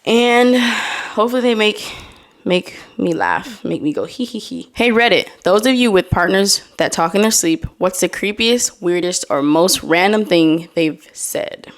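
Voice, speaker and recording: A woman's voice: medium pitch, animated, a little slow. A young adult woman hosting a casual solo podcast, reading posts aloud and laughing between them. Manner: chatty, reads posts aloud with laughing asides. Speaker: podcast host.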